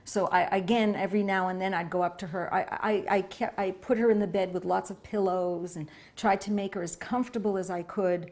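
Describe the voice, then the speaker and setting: A woman's voice: lowish voice, a little fast, hardly any pauses, a little mellow. A woman, a devotee, sharing a personal memory in an interview, telling it in an earnest, reflective way.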